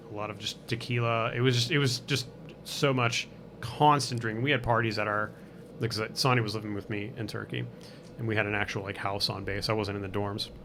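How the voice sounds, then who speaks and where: A man's voice: lowish voice, background noise. A man as a podcast guest in casual chat, rambling with lots of "like" and "um". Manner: rambling, full of fillers like "like" and "um".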